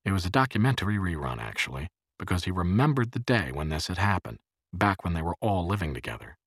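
A man with a very deep, husky voice reading an audiobook. His delivery is measured yet lively in pitch, and the recording is dry and close. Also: no room sound. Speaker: narrator. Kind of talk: audiobook narration.

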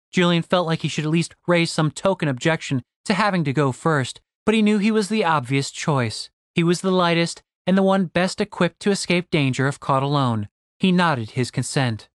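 Expressive male audiobook narrator. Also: a little high, dry recording, clean studio sound. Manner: expressive storytelling. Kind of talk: scripted narration.

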